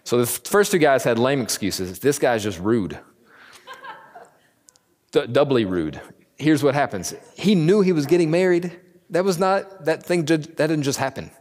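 A man's voice: on the high side, expressive, a little mellow. A man teaching a Bible class in a casual, conversational way, joking and briefly acting out the people in the story. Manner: conversational, jokey, acts out the characters in quick asides. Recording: long reverb of a large hall.

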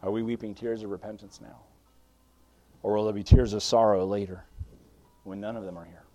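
A man's voice: on the low side, steady tone, a little fast, lo-fi sound. A man preaching a sermon as pastor, pleading and fervent, quoting scripture, with frequent restarts and fillers. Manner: pleading, swings from hushed to loud fervent preaching.

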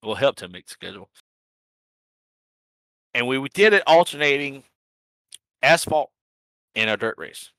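Bright-voiced, profane guy rambling. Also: mid-range voice, very animated, measured pace, long pauses, no room sound. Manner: rambling, profane, laughs at himself. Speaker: sim racing league organizer and podcast host. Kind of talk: casual profane recap chat.

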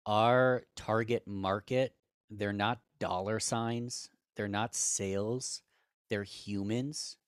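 Energetic low-voiced man giving advice. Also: slow pace, smooth, no echo, clean studio sound. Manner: energetic, emphatic coaching tone. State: slightly hoarse. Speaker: podcast guest. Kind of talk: conversational advice.

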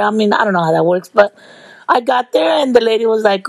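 A middle-aged woman telling stories to her viewers in a casual, lively way, laughing and swearing freely. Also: mid-range voice, fast talker, gravelly, no room sound. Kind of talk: casual storytelling.

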